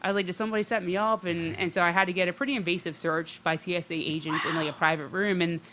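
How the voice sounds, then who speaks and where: A woman's voice: on the low side, fairly even intonation, quick pace, bright, forceful tone, a little hiss or hum. Chatty woman guest, full of fillers. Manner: chatty, fills speech with "like" and "um". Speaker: radio show guest, recovery advocate. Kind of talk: conversational interview.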